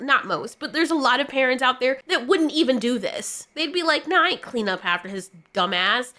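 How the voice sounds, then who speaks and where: A woman giving an animated, emphatic casual review of a TV series, talking it through as a rant. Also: high voice. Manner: animated and emphatic, slips into quoted voices.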